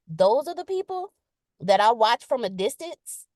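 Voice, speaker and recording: With a mid-range voice at normal speed, a woman speaks casually in a live leadership session, recorded dry with clean studio sound. She's chatty and direct, reading out viewer comments and emphatically repeating them. In this casual motivational talk she's animated and playful, giving quotes exaggerated voices.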